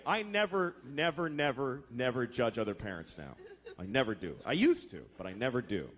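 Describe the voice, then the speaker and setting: A man in his thirties doing a profane stand-up routine, exasperated, slipping into quick character voices. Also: medium pitch, expressive. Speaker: stand-up comedian. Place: comedy club stage with laughing audience. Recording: live club recording with audience noise. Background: audience laughter.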